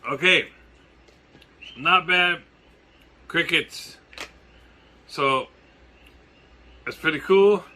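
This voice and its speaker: Man, Hawaiian accent, casual vlogger, joking and swearing, very bright voice, faint background noise. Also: on the high side, drawn-out words, long pauses. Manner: jokey, excitable, laughing, swearing. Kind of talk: casual vlog.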